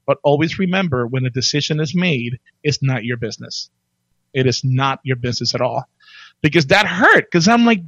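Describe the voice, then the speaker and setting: A man chatting casually as a podcast guest, telling his career story with lots of restarts and animated jumps when he quotes himself. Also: medium pitch, normal speed, no echo, muffled recording.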